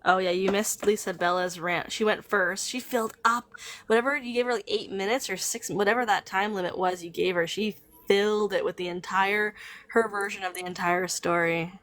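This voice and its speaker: A woman's voice: mid-range voice, steady tone, moderate pace, fairly bright tone. A woman co-hosting a casual livestream chat, teasing and sarcastic, talking on a phone. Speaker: livestream co-host.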